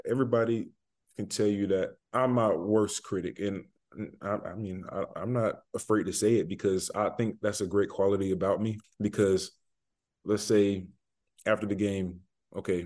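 Young male athlete guest, lowish voice, loose, rambling answers full of "you know.". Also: moderate pace. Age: young adult. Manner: relaxed, rambling, many fillers and restarts. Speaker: college football player guest. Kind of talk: casual interview answers.

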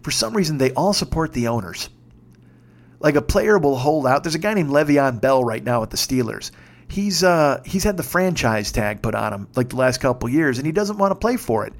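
A man in his fifties telling a story in a casual podcast monologue, swearing freely and shouting when he gets worked up. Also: medium pitch, lively intonation, normal speed. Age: 50s. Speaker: podcast host.

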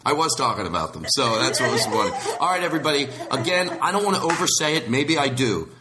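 A man's voice: medium pitch, sing-song, fast talker, background noise. A man hosting a podcast in casual chat, rambling and restarting his sentences, slipping into voices when he quotes people. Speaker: podcast host.

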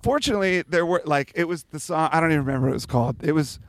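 A man's voice: fairly high pitch, racing, a bit bright. A man in his forties, telling stories in a casual interview with a lot of swearing and laughter. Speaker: guest musician.

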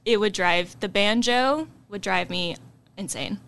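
A woman guest on a casual podcast, shy and hesitant, pausing with fillers. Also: medium pitch, vocal fry, fairly bright tone. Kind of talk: casual group chat.

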